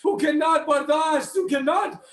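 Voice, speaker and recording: A man with a very high voice preaches a fervent sermon, pressing his listeners with questions and often pushing to a near shout. The sound rings around an echoey congregation hall. His delivery stays urgent and emotional. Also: normal speed. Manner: addresses listeners directly with questions. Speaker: speaker at a mourning gathering. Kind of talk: impassioned sermon.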